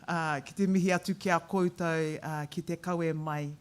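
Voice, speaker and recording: A woman's voice: low-pitched, fairly even intonation, moderate pace, slight background noise. New Zealand woman giving a formal speech. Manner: switches between formal oratory and wry, joking asides. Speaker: museum board representative giving a speech.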